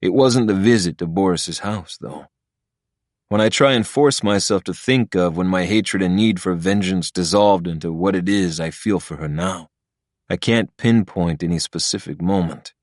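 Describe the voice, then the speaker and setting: A man with a very low voice reads a first-person audiobook in a gruff, brooding manner, with frequent cursing. The read is close to the mic and dry, without room echo. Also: normal speed. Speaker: audiobook narrator.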